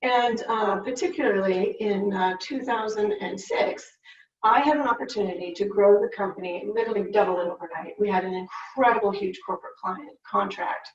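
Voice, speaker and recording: A woman's voice: mid-range voice, normal speed. Distant, echoey woman telling her story. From United States. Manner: candid, storytelling with acted-out quotes. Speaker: business owner giving a talk. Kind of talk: personal story talk. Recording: muffled, roomy, distant mic.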